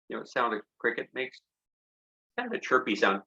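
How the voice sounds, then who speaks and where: A man with a bright, forceful voice reads his own poems to young children, playful and encouraging as he invites them to join in. The recording from an online concert sounds slightly dull and lo-fi. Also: mid-range voice, big pitch swings, a little fast, vocal fry, pauses often. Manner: playful and encouraging, leading the audience in sound effects. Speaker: children's poet and songwriter performing for families. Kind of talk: interactive poetry reading for children.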